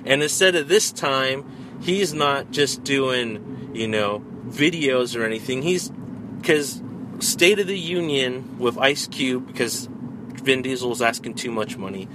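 A man in casual chat, retelling a movie with lots of swearing and animated energy. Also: medium pitch, background noise.

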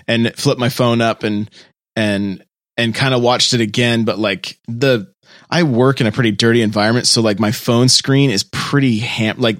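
A man co-hosting a pop culture podcast, rambling through a story with many restarts and trailing off quietly. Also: medium pitch, dry recording, clean studio sound. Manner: rambling, restarts often, drops quiet at phrase ends. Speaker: podcast co-host. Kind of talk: casual chat.

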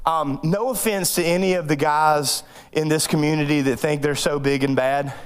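Joking, animated preacher man. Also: fairly high pitch, moderate pace, smooth. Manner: animated and joking, does loud child and father voices. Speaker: pastor. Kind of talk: sermon with personal storytelling. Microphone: microphone.

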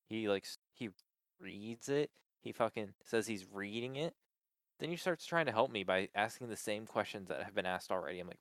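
A man's voice: lowish voice, fairly quick, fairly bright tone, dry recording, studio quality. A man in casual chat, venting with exasperation about a support call, swearing often and filling with "like".

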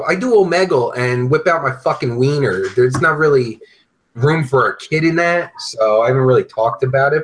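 A man's voice: on the high side, fairly bright tone, rough recording. A man hosting a podcast, chatting casually and ranting bluntly with lots of swearing. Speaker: podcast host.

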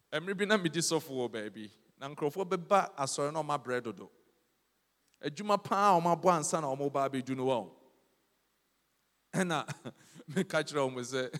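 A Ghanaian man preaching a sermon, switching between Twi and English and rising to loud declarations. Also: fairly high pitch. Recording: long hall reverb.

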